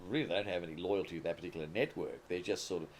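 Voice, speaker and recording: A man's voice: deep voice, very fast, slight background noise. A man in his sixties with an Australian accent, a comedy writer and producer telling stories as an interview guest, rambling and restarting often. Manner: rambling anecdotal storytelling with frequent restarts. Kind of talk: conversational interview.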